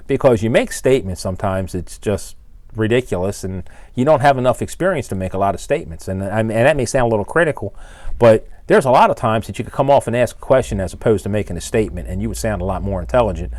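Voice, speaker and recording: A man's voice: on the low side, lively intonation, fast talker, darkish tone, no echo. An older man, an engine builder hosting his channel, delivers a blunt, exasperated rant scolding his viewers. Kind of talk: ranting to camera.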